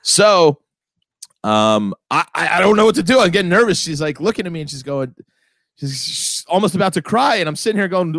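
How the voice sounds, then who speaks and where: Podcast co-host, man, rambly storyteller, lively swings, dry sound. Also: high voice, a little fast, no echo. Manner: rambling storyteller, laughs often, puts on loud voices for quotes. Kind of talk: casual comedic chat.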